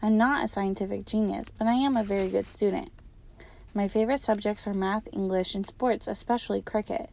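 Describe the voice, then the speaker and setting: Gravelly-voiced woman reading a storybook aloud. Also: medium pitch, steady tone, brisk, darkish tone, a little hiss or hum. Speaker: teacher. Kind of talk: reading a children's novel aloud.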